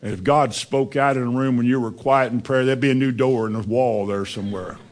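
A man preaching a sermon, asking his listeners questions and moving between loud, raised lines and quiet, hushed ones. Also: mid-range voice, steady tone, fairly quick.

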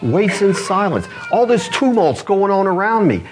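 A man's voice: high voice, sing-song, moderate pace, music in the background. A man preaching a sermon as pastor, earnest, asking the congregation rhetorical questions. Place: church.

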